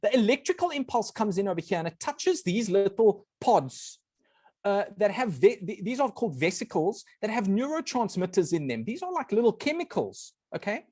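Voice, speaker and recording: A man with a high, breathy-edged voice speaks at a moderate pace as a guest speaker presenting a talk over a video call. He's earnest and animated, explaining ideas step by step, often apologizing, and briefly becomes emotional. The audio is studio quality with no room sound.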